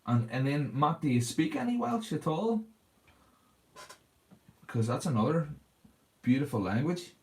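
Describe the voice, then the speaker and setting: A man's voice: on the high side, sing-song, unhurried, long pauses, darkish tone. A man hosting a casual livestream, chatting and answering viewers' comments while he paints a model.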